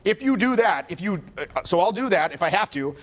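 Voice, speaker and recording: In a high-pitched, animated voice at a fairly quick pace, a forties-aged man leads a group seminar on social skills. The tone is easygoing and humorous, with frequent swearing and performed quotes.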